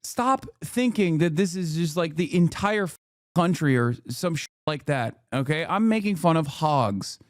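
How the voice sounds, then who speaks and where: A man streaming, reacting to a video in a sarcastic, profane rant that comes in rapid bursts. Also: fairly high pitch, animated, no room sound, studio quality. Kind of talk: casual livestream rant. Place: studio in the United States.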